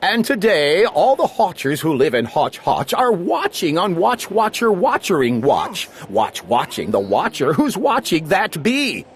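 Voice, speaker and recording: A man's voice: sits high, huge pitch swings, unhurried, hardly any pauses, slight background noise. A man reading a rhyming children's book aloud in a playful, sing-song storytelling manner. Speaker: storybook reader.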